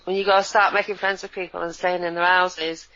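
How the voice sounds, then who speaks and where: A woman, co-hosting in a sardonic, animated casual chat. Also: fairly low pitch, brisk. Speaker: co-host. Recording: dull lo-fi audio.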